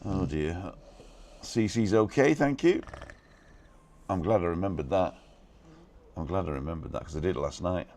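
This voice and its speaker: A man hosting a casual live stream from a balcony, talking fast and reading out viewers' comments and names. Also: deep voice, animated, darkish tone. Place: balcony outdoors.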